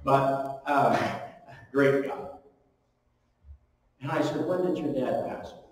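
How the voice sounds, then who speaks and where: A pastor preaching in a church hall, his voice carrying with a long, booming echo. He sits at a middle pitch and swings between loud emphatic lines and hushed ones. The mic sits some distance from him. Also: takes it slowly, pauses often. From eastern Ontario, Canada. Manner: storytelling, animated with strong rises and drops in pitch and volume. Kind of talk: sermon. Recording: echoey hall, recorded from far off.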